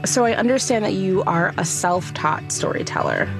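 A woman interviewer asks her questions in a calm, measured way, her pitch in an ordinary middle range. Music plays clearly behind her voice.

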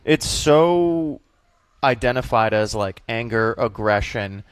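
A man's voice: mid-range voice, takes it slowly, clear, resonant tone, dry recording. A young male comedian from the Boston area with a light Boston accent, chatting as a guest in an interview and acting out little voices in his stories. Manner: animated, jokey, acts out voices in anecdotes. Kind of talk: casual interview chat.

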